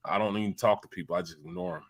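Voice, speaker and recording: A man's voice: fairly low pitch, very animated, rapid-fire, creaky. A man with a Philadelphia accent, co-hosting a casual sports talk show and telling a story with animation, repeating words as he gets worked up.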